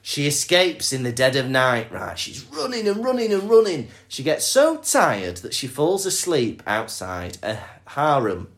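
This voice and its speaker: A young man co-hosting a podcast, narrating a fairy tale in a playful, animated way. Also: mid-range voice, unhurried, hardly any pauses. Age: young adult. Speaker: podcast co-host. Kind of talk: casual storytelling chat.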